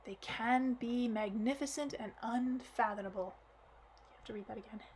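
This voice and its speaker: A woman reads an audiobook in a fairly high voice while losing her voice. She drops into soft, hushed asides between passages, over a faint noise. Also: normal speed, low-quality recording. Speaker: audiobook reader. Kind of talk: casual audiobook reading with asides.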